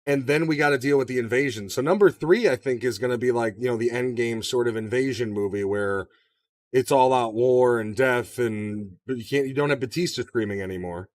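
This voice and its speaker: A man chats loosely about movies, swearing freely, in a mid-pitched voice. The sound is dry and a little distant from the mic. His tone is relaxed and conversational. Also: normal speed, no echo. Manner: profane, animated, does shouted impressions. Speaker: podcast co-host. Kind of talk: casual movie discussion.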